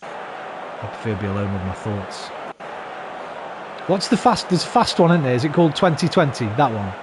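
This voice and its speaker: A man's voice: mid-range voice, very animated, normal speed. A British man in his thirties, casually chatting and swearing freely as he streams a football game and rants at his team. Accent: British English. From Britain. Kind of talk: casual gaming commentary. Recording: noisy background.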